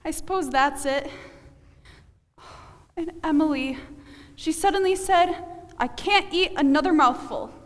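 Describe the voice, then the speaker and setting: A woman's voice: high-pitched, unhurried, long pauses. A woman playing a worried mother of the bride on stage, talking in a wistful, confiding way. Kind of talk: stage play acting. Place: stage in a large hall. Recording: reverberant hall from a distance.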